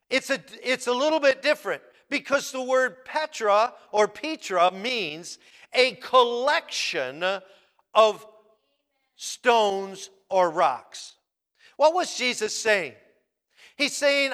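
A male pastor preaching with a high, lively voice that swings up and down as he leans on each key word. His speech is slow and deliberate. It rings out in a reverberant hall. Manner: slow, emphatic, repeats key words. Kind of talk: sermon.

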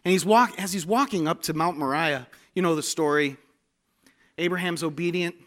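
A man preaching a sermon, telling stories with humor and animated delivery. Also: a little high, moderate pace.

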